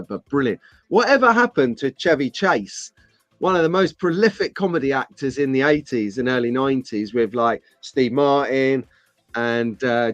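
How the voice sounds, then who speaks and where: A man's voice: medium pitch, fairly bright tone, no echo, lo-fi sound. A man hosting a live stream, chatting casually and jokily with viewers in the chat. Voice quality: chatty, jokey, rambling. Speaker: host of a live slot car stream.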